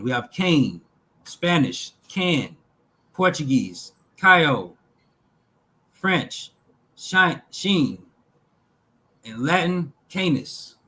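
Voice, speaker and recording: A man reads through lists of words at an unhurried, very slow pace, pausing after each item. His delivery is measured and deliberate, like someone working through a text aloud. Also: mid-range voice, pushed and bright, poor audio. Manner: slow, measured reading with pauses between list items. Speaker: talk show host reading linguistic examples.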